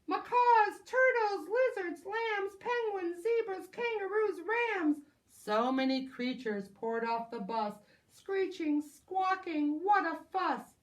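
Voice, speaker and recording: A woman preschool teacher reading a picture book aloud to children, animated and exclaiming in a sing-song way. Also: sits high, slow pace.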